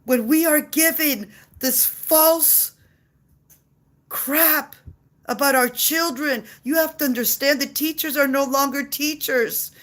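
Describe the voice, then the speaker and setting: A woman's voice: high voice, takes it slowly, a bit bright. Woman, impassioned rant, blunt and profane, repetitive delivery. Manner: passionate, blunt, swears freely, repeats herself. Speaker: mother ranting on video. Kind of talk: heated monologue rant.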